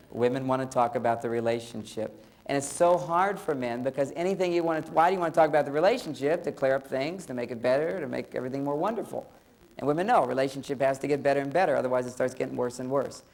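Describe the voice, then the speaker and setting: A man's voice: mid-range voice, vocal fry, darkish tone. A middle-aged man giving a humorous talk on relationships, playfully acting out little bits of dialogue. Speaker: relationship speaker. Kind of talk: humorous lecture.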